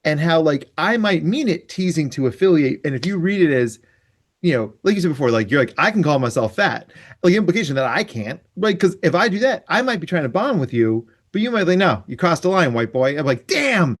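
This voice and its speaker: A man hosting a podcast, chatting and explaining ideas in an animated way. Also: fairly high pitch, a little fast. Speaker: podcast host. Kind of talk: casual podcast chat.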